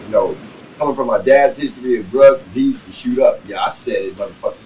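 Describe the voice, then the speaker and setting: A man telling a personal story in a casual, rambling monologue full of profanity and "you know what I'm saying." He swings between loud bursts and low muttering. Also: fast, muffled recording, faint music behind. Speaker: vlogger telling a life story. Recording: distant mic with faint background noise.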